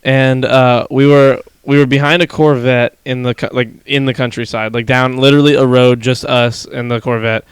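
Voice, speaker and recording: A young man with a smooth, clear, mid-range voice speaks at normal speed with few pauses. Co-hosting a casual livestream podcast, he tells stories with lots of energy as an animated storyteller who swears freely. The recording is dry and close-miked, with no echo.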